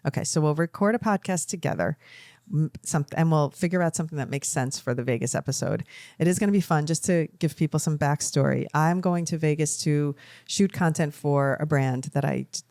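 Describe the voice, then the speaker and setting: A woman's voice: low-pitched, brisk, a little mellow, no room sound, studio quality. A middle-aged woman co-hosting a podcast, chatting casually and telling emotional, rambling stories. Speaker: podcast co-host. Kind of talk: casual chat.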